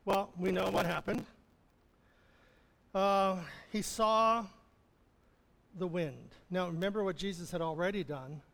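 High-voiced preacher in a reverberant hall. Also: male voice, a little slow, gravelly, long pauses, fairly bright tone. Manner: chuckling often, acting out the quoted lines. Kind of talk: sermon. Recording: long reverb of a large hall.

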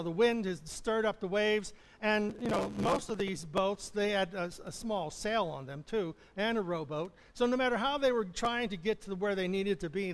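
This sermon comes from a pastor whose voice is notably high and rings through a sanctuary with long reverb. His delivery is conversational, broken up by chuckles and restarted phrases.

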